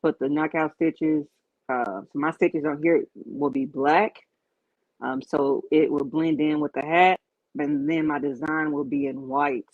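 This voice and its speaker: A woman's voice: low voice, lively intonation, a little slow, creaky, dry recording. A woman with a Southern US accent hosting a casual crafting livestream, chatting and thanking viewers as she works. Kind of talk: casual live-stream chat. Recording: dull, dry, lo-fi stream audio.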